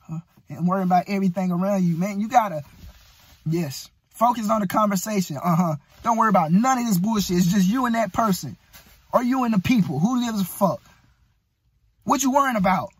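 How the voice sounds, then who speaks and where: A young man delivers a blunt, profane pep talk with a high, husky voice. He pushes hard at the listener and keeps calling them "bro". The sound is dry and close. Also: lively intonation, a little fast, a bit bright, dry recording. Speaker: motivational vlogger. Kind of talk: casual motivational rant.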